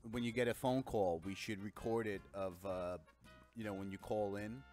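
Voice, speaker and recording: A man's voice: fairly low pitch, fairly even intonation, moderate pace, a little mellow, soft background music. Mock-indignant man riffing on a stream. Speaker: co-host. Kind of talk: casual stream chat.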